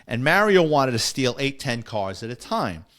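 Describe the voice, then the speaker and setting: A middle-aged man hosts a podcast at a normal speed and medium pitch, telling casual stories full of wisecracks. He gets animated, acting out the voices of those he quotes.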